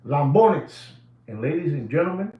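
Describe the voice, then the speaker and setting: A man's voice: on the high side, expressive, moderate pace, narrow, tinny audio. Emphatic man in an echoey room. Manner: emphatic, repetitive, mixes in Spanish phrases. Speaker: watch market commentator. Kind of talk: animated price commentary.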